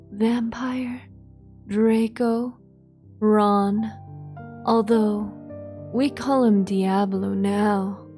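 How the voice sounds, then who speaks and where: A young woman reading a fan fiction aloud in a deadpan comic manner, with sarcastic asides. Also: mid-range voice. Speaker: virtual streamer reading aloud.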